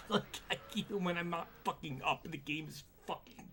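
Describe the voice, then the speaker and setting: A man's voice: fairly high pitch, moderate pace, background noise. A man streaming a racing game, cursing at the game and muttering under his breath. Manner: frustrated, profane, swearing often at the game. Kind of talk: live gameplay commentary.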